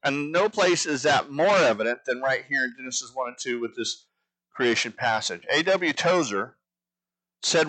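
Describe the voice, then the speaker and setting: A man's voice: medium pitch, lively intonation, moderate pace, sharp tone, rough recording. A man teaching a sermon, earnest, building his points by repeating phrases. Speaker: pastor.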